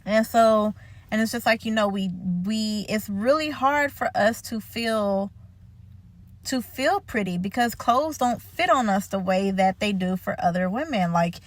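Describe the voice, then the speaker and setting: A young woman telling a story in a casual faith vlog, chatty and animated, laughing and full of fillers. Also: fairly high pitch, dry recording. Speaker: faith vlogger.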